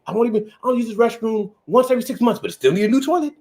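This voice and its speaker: A man hosting a casual chat, telling jokey, animated stories. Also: very high-pitched, racing. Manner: animated, joking storyteller. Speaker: host.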